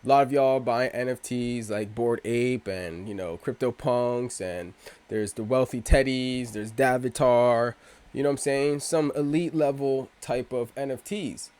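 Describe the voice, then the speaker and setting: A man's voice: medium pitch, a little slow, a little mellow. A man hosting a casual crypto video, rambling and swearing, often breaking off mid-thought with slang. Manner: rambling, profane, self-interrupting with slang. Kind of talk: casual rambling vlog talk.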